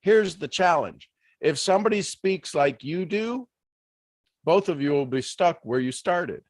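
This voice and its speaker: A man giving a motivational leadership talk on a live stream, animated, full of rhetorical questions and restarts. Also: on the high side, unhurried, dry recording. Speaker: leadership speaker.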